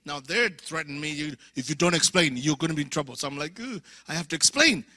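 A man's voice: a little high, quick pace, dry recording, clean studio sound. A man in his fifties from Africa, preaching at a church conference and telling a story with acted-out dialogue and sudden whispers. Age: 50s. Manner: animated, acts out dialogue, drops to whispers. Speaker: guest preacher. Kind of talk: storytelling sermon.

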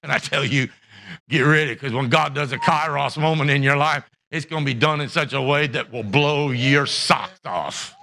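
A man preaching a sermon as pastor of a church, impassioned, rising to shouts and acting out the voices of Bible characters. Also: medium pitch, moderate pace, gravelly. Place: church sanctuary.

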